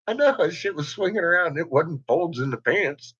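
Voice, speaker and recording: A man's voice: a little high, expressive, normal speed, a bit bright, breathy edge. A man in casual chat who keeps breaking into laughter, with a crude, profane manner. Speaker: podcast host. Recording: dull lo-fi recording.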